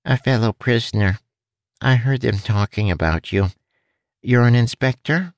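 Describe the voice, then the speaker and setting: A man's voice: medium pitch, measured pace, no echo, pitched above the performer's own voice, close to an everyday voice. A man voicing a wry, chatty male rat in a storybook, his voice pinched and squeezed. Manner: teasing, chatty.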